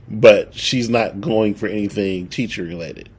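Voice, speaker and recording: A young podcast co-host tells a story casually in a lowish, slightly rough voice at a measured pace. He's an animated storyteller who acts out the quotes.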